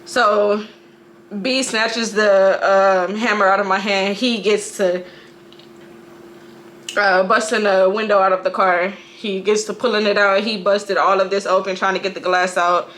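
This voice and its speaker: Bright-voiced woman telling a painful story. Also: medium pitch, steady tone, a little hiss or hum. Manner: halting, emotional storytelling with frequent restarts and profanity. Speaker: mother. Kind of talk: personal testimony to camera.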